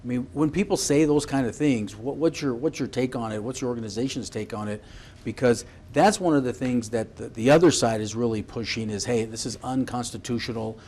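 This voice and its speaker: A man's voice: medium pitch, fairly quick, darkish tone. A man hosting a panel discussion, asking casual, probing, rambling questions. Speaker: talk show host.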